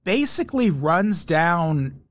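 A man's voice: on the high side, sing-song, slow pace. A man co-hosting a podcast, mocking a documentary in casual, sarcastic, profane chat. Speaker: podcast co-host.

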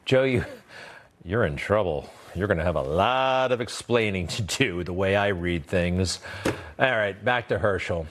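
A man's voice: low-pitched, slight background noise. A man hosting a political commentary show, talking in a sarcastic, emphatic monologue full of rhetorical questions. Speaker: commentary host.

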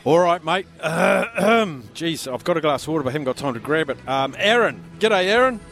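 Loud-talking Australian radio host, higher voice. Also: male voice, animated, brisk, soft background music. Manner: raised voice, talking over pub noise. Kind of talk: live radio sweepstake call-in. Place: pub.

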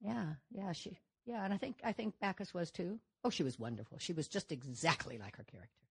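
An older woman from Nevada, a guest answering audience questions on a stage, telling stories in a chatty, animated way. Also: on the low side, a little fast, creaky, husky. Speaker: panel guest actress. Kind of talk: audience Q&A chat.

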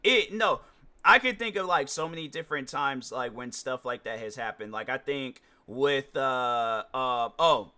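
A man's voice: mid-range voice, lively intonation, moderate pace, hardly any pauses, bright, forceful tone, clean tone. A young man hosting a podcast, talking casually in a rambling way, full of restarts and slang. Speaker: podcast host. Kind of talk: casual solo commentary.

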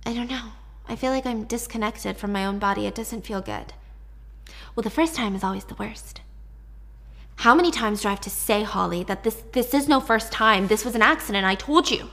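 A woman's voice: fairly high pitch, a little fast, fairly bright tone. A woman voicing a timid, panicky young man who speaks in a nervous, pleading way in a retold story. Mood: shaken.

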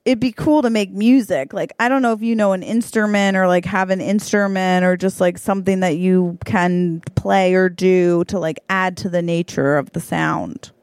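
A woman's voice: fairly low pitch, fairly even intonation, moderate pace, few pauses, darkish tone, clear, resonant tone, no echo, studio quality. A woman co-hosting a comedy podcast, improvising a story in a chatty, giggly way with lots of fillers. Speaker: podcast co-host.

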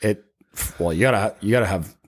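Young guy from Canada, low-pitched, easygoing storyteller; casual podcast guest. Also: brisk, slightly rough. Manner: relaxed storytelling, heavy use of "like". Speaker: guest, professional hockey player.

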